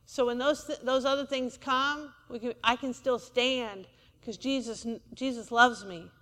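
A woman's voice: on the high side, steady tone, a little slow, fairly bright tone, long reverb tail. A woman preacher, delivering a sermon in a church and asking the congregation for amens. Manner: call-and-response preaching, asks for amens.

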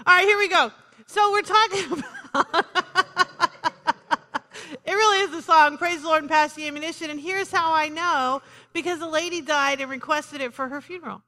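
A woman's voice: high-pitched, sharp tone, in a large hall. A woman pastor preaching a sermon in a conversational, joking way, punctuated by calls of "Amen.".

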